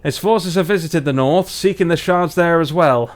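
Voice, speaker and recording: A man voicing a proud, gruff male dwarf leader from the frozen north, in a put-on northern British accent and a formal, stern manner. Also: on the high side, normal speed, close to an everyday voice.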